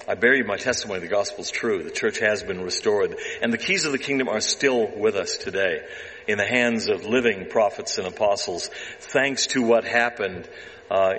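A man's voice: fairly low pitch, a bit bright, long reverb tail, rough recording. A man giving an earnest presentation to an audience about a documentary, closing with a heartfelt personal testimony. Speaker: documentary producer speaking to an audience.

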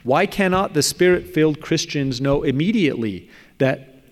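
A man reading a prepared talk in a measured, thoughtful way, often trailing off at the ends of phrases. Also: fairly high pitch, expressive. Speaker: speaker presenting a paper. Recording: long hall reverb.

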